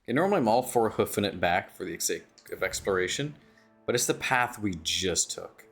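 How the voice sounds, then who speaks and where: A man's voice: lowish voice, expressive, a little fast, fairly bright tone, husky, faint music behind. A man streaming a video game, joking and self-mocking with drowsy asides. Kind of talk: casual game commentary.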